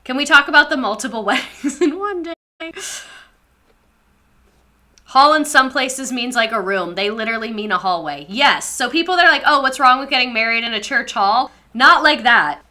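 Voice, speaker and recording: Snarky bright-voiced young woman streamer. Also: high voice, animated, normal speed. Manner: sarcastic, swears freely, reads chat aloud. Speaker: live streamer reacting to chat. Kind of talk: casual live-stream commentary.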